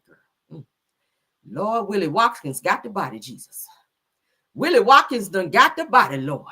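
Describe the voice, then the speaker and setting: A woman's voice: medium pitch, pushed and bright, slightly rough. A woman hosting a livestream gossip show, telling stories theatrically and peppering them with cries of Lord and Jesus. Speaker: gossip channel host.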